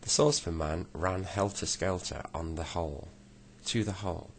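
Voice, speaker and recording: A man reading a children's storybook aloud at an unhurried pace, now and then slipping and correcting himself. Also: low-pitched, slight background noise. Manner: unhurried, with small slips and self-corrections.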